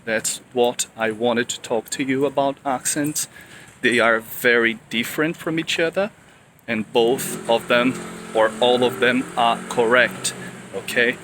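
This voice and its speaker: A young man from Brazil with a Brazilian Portuguese accent, talking to camera in a casual vlog, slow and deliberate, often rephrasing himself with fillers. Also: medium pitch, fairly bright tone, a little hiss or hum, rough recording. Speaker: vlogger. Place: room in Australia.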